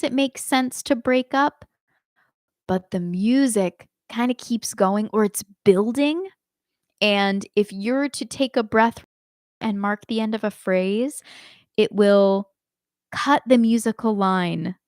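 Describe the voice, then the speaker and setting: A woman teaching a live online singing lesson, explaining slowly and singing short examples. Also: medium pitch, no echo, clean studio sound.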